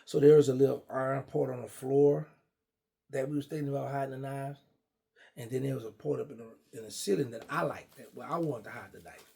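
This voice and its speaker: A middle-aged man casually telling a long personal story, animated and acting out what others said. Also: medium pitch, a little fast, gravelly. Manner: animated, acts out quoted dialogue. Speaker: guest storyteller.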